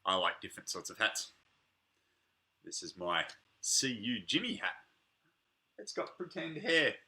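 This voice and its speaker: A man hosting a preschool playgroup, with a very bright, forceful tone and a voice that leaps up and down. He talks in a playful way to children he can't see. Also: lowish voice, measured pace. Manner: playful, animated, chatting to unseen children. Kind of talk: singing and reading to preschoolers on a livestream.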